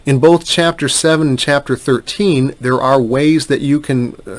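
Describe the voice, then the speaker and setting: A man, a middle-aged bankruptcy attorney, talking straight to camera and emphatically rebutting bad advice with scoffing asides. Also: medium pitch. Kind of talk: direct-to-camera commentary.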